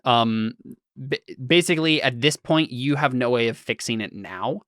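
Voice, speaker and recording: A man running a tabletop role-playing game, explaining the world at an unhurried pace with frequent pauses and fillers. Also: medium pitch, fairly bright tone, no echo, studio quality. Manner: hesitant, thinks aloud with many fillers. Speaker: game master.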